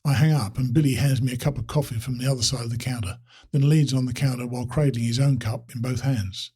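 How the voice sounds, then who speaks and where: Husky-voiced man narrating a story. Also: medium pitch, fast talker. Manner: reflective, steady storytelling. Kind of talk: first-person story narration.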